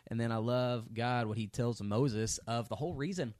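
A man's voice: mid-range voice, moderate pace, hardly any pauses, darkish tone, no echo. A man teaching a casual Bible study, reading scripture and then talking it through in a loose conversational way with many fillers and sarcastic asides.

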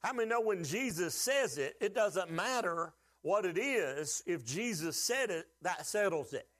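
A man's voice: sits high, animated, measured pace, fairly bright tone. A man preaching a sermon, with folksy humor and call-and-response questions to the congregation. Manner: folksy humor, acts out quoted voices. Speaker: pastor.

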